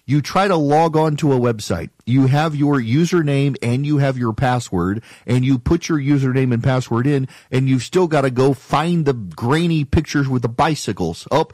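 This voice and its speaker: A man in his talk radio chair, laying out his case in a forceful, argumentative way. His voice sits at an ordinary middle pitch, and he jabs at his critics by imitating them. The recording is dry and close, with almost no room sound. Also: dry recording. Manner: emphatic, argumentative, mock-quotes critics. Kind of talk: opinionated talk radio monologue.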